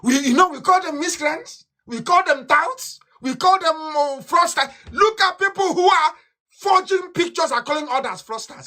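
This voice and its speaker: Here a radio broadcaster with a Nigerian English accent gives a heated political address in a bright, forceful voice. Fiery and contemptuous, he alternates between loud shouts and low mutters.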